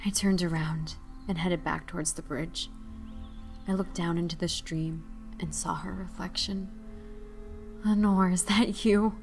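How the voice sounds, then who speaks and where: A woman's voice: fairly low pitch, level tone, moderate pace, gravelly, over music. Young woman reading a story with feeling. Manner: emotive, shifts between hushed and raised. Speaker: narrator. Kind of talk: dramatic reading of a short story.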